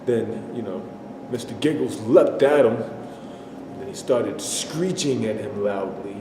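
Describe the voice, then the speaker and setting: A man performing a dramatic stage monologue, speaking haltingly and repeating himself as he recounts a disturbing memory. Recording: echoey hall, faint rumble.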